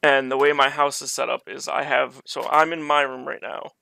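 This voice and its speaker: A man's voice: medium pitch, little pitch movement, normal speed, vocal fry, bright, forceful tone. A man streaming from his bedroom, telling a personal story in a rambling, conversational way with many restarts. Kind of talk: casual storytelling on a live stream.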